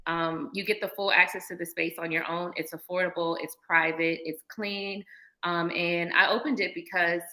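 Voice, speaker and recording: An upbeat, eager woman joins a podcast as a guest. Her voice sits a little low but sounds very bright and sharp. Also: fairly even intonation, moderate pace, low-quality recording. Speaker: studio owner, podcast guest. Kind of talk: casual interview.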